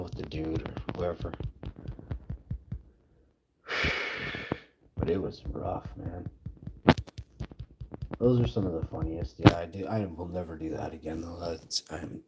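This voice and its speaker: A man's voice: low voice, background noise. A man chatting casually to his live-stream audience, rambling through stories. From Canada. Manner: rambling, chatty storytelling that turns loud and laughing.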